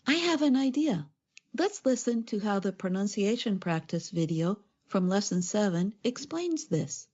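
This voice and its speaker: Lady co-hosting an english lesson podcast, mellow warm voice, kinda dull sound. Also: medium pitch, very animated, unhurried. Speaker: co-host. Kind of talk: scripted educational podcast.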